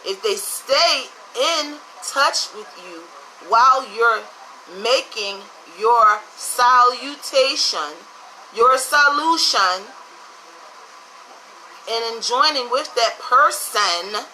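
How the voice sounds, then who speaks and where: Woman from the US, casual monologue, blunt and swearing, tense bright tone, light background hiss. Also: a little high, expressive, takes it slowly, poor audio. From United States. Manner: blunt, profane, emphatic.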